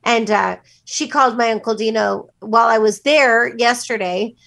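A woman's voice: fairly high pitch, moderate pace, vocal fry, a bit bright. A woman co-hosting a morning show, chatting in a gushing way, laughing often, and reading the news. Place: broadcast studio.

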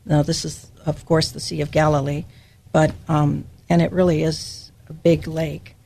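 A woman's voice: low-pitched, little pitch movement, unhurried, gravelly, warm tone. An older woman from Hawaii giving a personal, emotional devotional Bible teaching as a podcast host.

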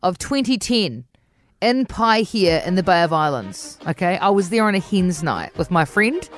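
A woman, a podcast host telling an animated story in casual chat and acting out her own quotes. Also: moderate pace, faint music behind. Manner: lively, acts out her own quotes in a higher voice.

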